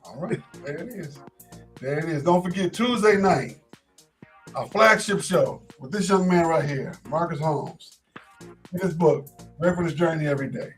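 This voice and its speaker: Hosting a laid-back sports talk show, a man speaks at a moderate pace in a fairly high, easygoing voice. He thinks out loud, often stumbling and repeating words, while faint music plays underneath.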